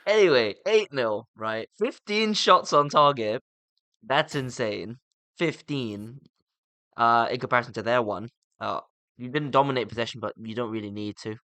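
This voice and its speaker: A young man with a bright, clear voice asks football questions and teases his co-host. The sound is dry, with no echo. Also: medium pitch, normal speed. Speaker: podcast co-host. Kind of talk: casual football chat.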